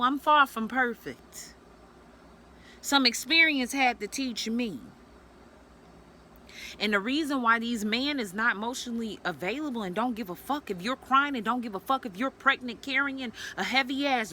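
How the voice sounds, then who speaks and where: A woman speaks straight to her viewers in a bright, sharp voice that sits a little high. She tells her story bluntly and profanely, then turns to lecture other women. A faint hiss runs under the recording. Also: moderate pace. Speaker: vlogger sharing a personal story. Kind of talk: candid storytelling vlog.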